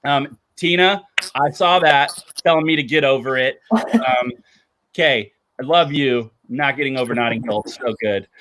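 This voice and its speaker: A man hosting a casual livestream, chatty and enthusiastic, with lots of fillers, talking indoors under bright lights. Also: medium pitch, moderate pace, a little hiss or hum. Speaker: livestream host.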